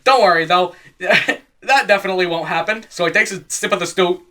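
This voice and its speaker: A man's voice: sits high, sharp tone. A man casually retelling a scary story as comedy, rambling and swearing, often laughing at his own jokes. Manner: rambling, swearing, quick voice changes for quoted characters.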